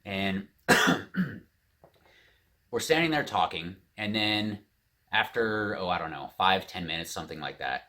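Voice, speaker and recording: A man with a lowish, bright voice recounts a personal story in vlog style. His pitch swings widely as he replays conversations, but the people he quotes keep his own voice. He talks casually, with plenty of fillers. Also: expressive, unhurried, pauses often. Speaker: vlogger.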